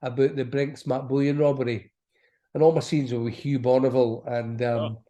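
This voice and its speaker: A man's voice: mid-range voice, steady tone, normal speed, mellow. A middle-aged man with an Aberdeen Scottish accent, chatting as an actor guest in an interview, rambling with many restarts. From Aberdeen, Scotland. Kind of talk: casual interview chat.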